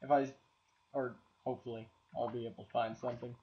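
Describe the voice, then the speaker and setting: A man's voice: medium pitch, flat delivery, fast talker, muffled recording. A man with a cold commentating a game, exasperated and swearing, talking to objects on screen. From Canada. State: has a cold. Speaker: gameplay commentator. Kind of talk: let's play commentary.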